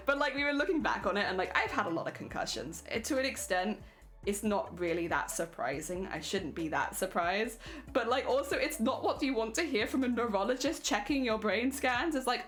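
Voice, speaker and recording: A woman's voice: on the high side, animated, a little fast, fairly bright tone, faint music behind. Chatty British woman streaming crafts. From Britain. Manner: chatty, laughs often, talks to chat while crafting. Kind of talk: casual live-stream chat with viewers.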